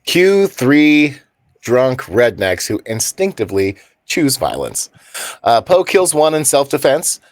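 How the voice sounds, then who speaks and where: A man's voice: mid-range voice, sing-song, slow pace, no echo. A man co-hosting a podcast, making wry, sarcastic quips in casual banter about a movie. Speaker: podcast co-host.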